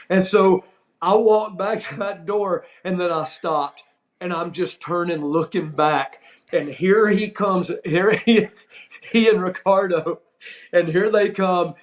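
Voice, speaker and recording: Laughing man telling a road story. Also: high-pitched. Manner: animated, laughing through his story. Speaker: podcast host. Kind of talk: storytelling anecdote.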